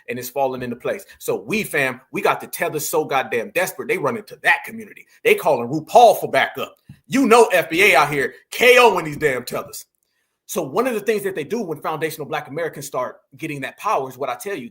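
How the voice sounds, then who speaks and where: A man's voice: on the high side, fairly bright tone, husky. A man hosting a commentary video who talks in slang, with emphasis, and keeps addressing his viewers as family. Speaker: commentary host. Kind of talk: commentary over video clips.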